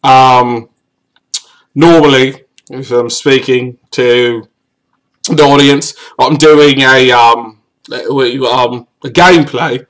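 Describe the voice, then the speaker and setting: A young American man casually answering viewer questions on a live stream, joking, laughing often and jumping to high exclamations. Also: fairly even intonation, very slow, a bit bright, rough recording.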